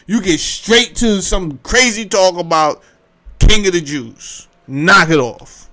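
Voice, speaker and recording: A man giving casual, mocking commentary, animated and swinging between loud and soft. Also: high voice, slow pace.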